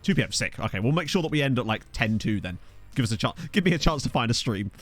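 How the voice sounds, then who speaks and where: A man's voice: medium pitch, animated, quick pace, dry recording, soft background music. A young man casually commenting while streaming a football management game, thinking aloud and thanking viewers. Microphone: desk USB microphone.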